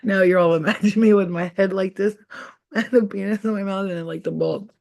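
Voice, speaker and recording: A woman chats live on her own channel from home, swearing freely and breaking into giggles as she rambles. Her voice sits at an ordinary pitch, and the talk is loose and unscripted. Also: fairly even intonation, a little fast, gravelly, darkish tone. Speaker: channel host. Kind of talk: casual live-stream chat.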